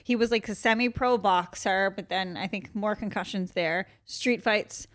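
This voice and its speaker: A woman hosting a comedy podcast, telling a dating story in animated, laughing casual chat. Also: medium pitch, moderate pace. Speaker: podcast host.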